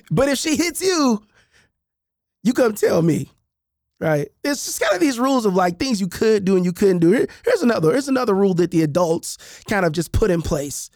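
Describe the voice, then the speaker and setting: A man reading his own book in an animated, conversational way, with repeated asides, acting out the voices of adults and kids. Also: high-pitched, moderate pace, dry recording, clean studio sound.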